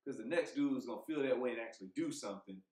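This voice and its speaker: A man co-hosting a podcast, talking in a heated, emphatic way, swearing freely and thinking out loud with restarts. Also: medium pitch, animated, racing. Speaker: podcast co-host. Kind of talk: casual podcast chat. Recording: roomy echo.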